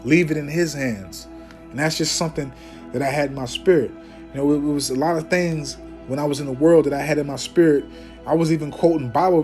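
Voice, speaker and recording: A man teaching scripture informally, emphatic and preachy, often tagging his sentences with "man" and "okay?", and slowing down to declaim Bible verses. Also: on the high side, a little mellow. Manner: reads Bible verses aloud in a slower, declaiming voice.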